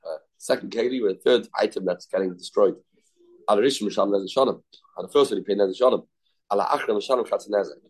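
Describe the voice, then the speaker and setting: Man, low voice, Talmud teacher, casual class, frequent restarts. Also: fast. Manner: informal, restarts often, repeats terms, mixes Hebrew and Yiddish words.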